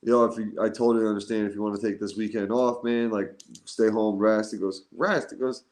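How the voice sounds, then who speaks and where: Low-voiced man telling a story, echoey room. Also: a little fast. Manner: animated storytelling, heavy use of "like". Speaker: podcast co-host. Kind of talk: casual chat.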